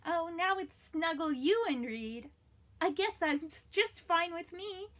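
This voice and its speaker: Animated, high-voiced woman hosting children's story time. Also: takes it slowly. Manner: animated, sing-song, encouraging children.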